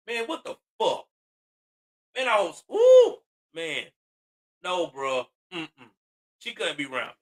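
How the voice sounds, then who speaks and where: A man's voice: high voice, wildly swooping pitch, slow pace, long pauses. A man in his forties giving heated, profane commentary on a news story, ranting angrily with a lot of emphasis. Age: 40s.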